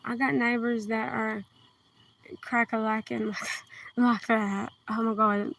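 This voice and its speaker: A woman with a southern Kentucky accent chats casually on a livestream outdoors at night, speaking slowly and softly into a phone and carefully enunciating each word. Her voice is on the high side with little pitch movement and some vocal fry. The distant phone mic picks up faint outdoor hiss.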